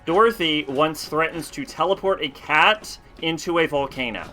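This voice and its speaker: A man's voice: a little high, normal speed, sharp tone, faint music behind. A man streaming a video game, chatting casually and telling rambling, profane stories. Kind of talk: casual chat while playing.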